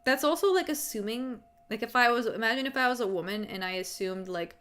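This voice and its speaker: A woman's voice: a little high, expressive, brisk, a bit bright. A young adult woman hosting a live stream, chatting casually and candidly into a desk microphone, rambling with lots of "like", swearing and laughing often. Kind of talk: casual chat.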